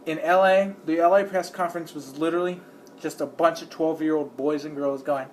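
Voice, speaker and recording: Rambling man with a higher voice. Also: steady tone, a little fast, slight background noise. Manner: rambling, lots of "like" and "uh" fillers; acts out the people he describes. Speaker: video creator. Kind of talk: casual commentary.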